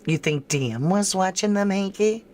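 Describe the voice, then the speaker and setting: A woman's voice: mid-range voice, moderate pace, a little mellow. A woman hosting a true crime livestream in casual commentary, thinking aloud and answering viewers' chat comments by name with frank disbelief.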